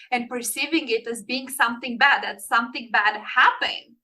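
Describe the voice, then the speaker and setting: A woman talks in an earnest, encouraging way, going soft and gentle whenever she voices words of comfort. Her voice is bright and sits a little high for a woman. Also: fairly even intonation, normal speed, rough recording. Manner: earnest, encouraging, speaks softly when quoting comforting words. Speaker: guest. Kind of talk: casual conversation.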